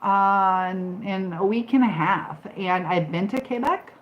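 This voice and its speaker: Speaking at a measured pace in a mid-range voice, this older Michigan woman runs a relaxed livestream, answering comments from viewers and saying um often. The sound is lo-fi with slight background noise.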